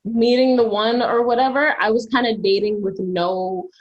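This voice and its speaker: A woman's voice: a little high, steady tone, moderate pace, muffled recording. A woman on a podcast panel telling stories in a chatty way, full of "like" and "um". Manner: chatty, storytelling, frequent "like" and "um". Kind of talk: casual debate chat.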